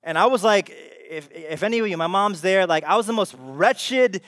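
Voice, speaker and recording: Man preaching, high voice, dry close sound, casual and fired up. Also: animated, normal speed, no room sound. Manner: casual, intense preaching with slang and rising shouts. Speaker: pastor. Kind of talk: sermon.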